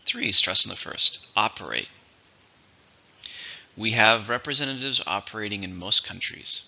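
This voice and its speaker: A man teaching English vocabulary, going through each word methodically and repeating it slowly for its syllables and stress. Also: fairly low pitch, vocal fry, sharp tone, lo-fi sound. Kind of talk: vocabulary lesson.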